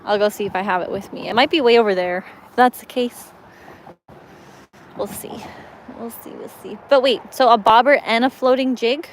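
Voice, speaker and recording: A woman's voice: a little high, fairly even intonation, quick pace, hardly any pauses, slight background noise, rough recording. A young woman live-streaming as she fishes from a lakeshore, chatting and giggling as she talks to viewers. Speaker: fishing livestreamer. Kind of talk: casual live-stream chat. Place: outdoors on a lakeshore.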